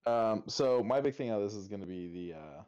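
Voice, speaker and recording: A man's voice: on the low side, animated, a little fast, a little mellow, lo-fi sound. A man co-hosting a casual podcast, telling laid-back stories with some swearing. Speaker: podcast co-host. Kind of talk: casual chat.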